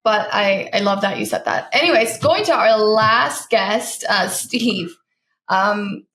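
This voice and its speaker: A woman hosting a podcast, chatting casually with quick asides. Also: mid-range voice, sing-song, fairly bright tone, roomy sound. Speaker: podcast host. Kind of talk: casual chat.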